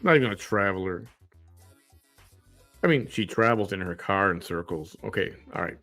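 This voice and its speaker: A man's voice: low voice, expressive, moderate pace, fairly bright tone, soft background music. A man hosting a reaction commentary show, sarcastic and mocking.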